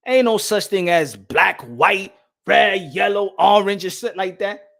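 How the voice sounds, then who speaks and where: High-voiced man ranting heatedly. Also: unhurried, vocal fry, a bit bright. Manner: heated, profane, repeats himself. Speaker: boxing channel host. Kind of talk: casual opinion rant to camera.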